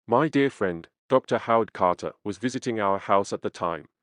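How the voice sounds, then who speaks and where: Male audiobook reader with a low voice, reading a first-person memoir in a measured, earnest way. The recording is dry and close, with no room sound. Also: expressive, fairly bright tone, no room sound.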